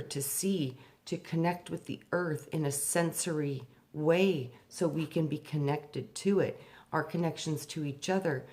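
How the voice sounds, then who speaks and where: Sharing her own spiritual story, a woman who speaks on spiritual matters turns quiet and slow for profound moments. Reliving memories makes her lively, and she jumps sharply upward in pitch when playing her younger self.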